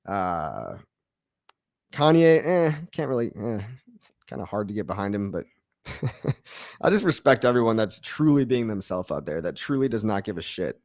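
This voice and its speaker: A man's voice: fairly low pitch, very animated, moderate pace, a little mellow, dry recording. Male host in his thirties, slangy, laid-back, laughs a lot, dry close sound. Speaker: crypto show host. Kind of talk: casual livestream Q&A.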